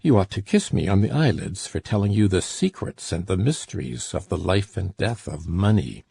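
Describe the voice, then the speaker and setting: A man reading the part of a domineering, miserly old father who coaxes his daughter and flares into rage, in a gravelly, husky voice. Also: sits low, big pitch swings, moderate pace, dark tone, exaggerated voice. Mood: coaxing. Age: older. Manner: wheedling then furious. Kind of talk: audiobook character reading.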